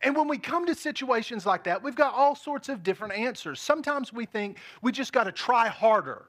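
A man in his thirties preaching a sermon to a church congregation, lively and joking, often asking the crowd questions. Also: extremely high pitch, fairly quick. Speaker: pastor. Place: large church hall with balcony.

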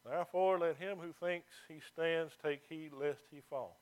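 A pastor preaches a sermon without hurrying, reading scripture loudly before dropping to a low, mocking tone to drive his points home.

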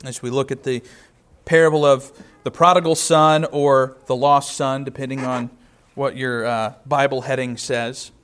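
A man's voice: medium pitch, little pitch movement, a little slow, fairly bright tone, clear, resonant tone. A man in his thirties preaching a sermon in a conversational way, telling personal stories. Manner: conversational, storytelling with personal anecdotes. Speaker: pastor.

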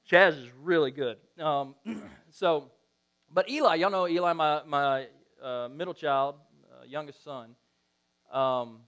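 A man's voice: fairly high pitch, smooth. A middle-aged man preaching a sermon, telling stories animatedly and acting out quotes. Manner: animated storytelling, acts out quotes. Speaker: pastor.

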